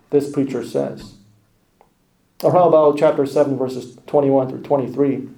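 A man preaching a sermon emphatically, with hushed asides. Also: medium pitch, steady tone, normal speed, gravelly. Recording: echoey room.

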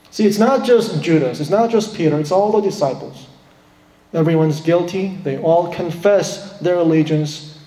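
A man preaching a sermon, emphatic, acting out the quoted lines in a raised voice. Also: mellow. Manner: emphatic preaching, acts out quotes with rising pitch. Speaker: pastor. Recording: roomy hall with long reverb.

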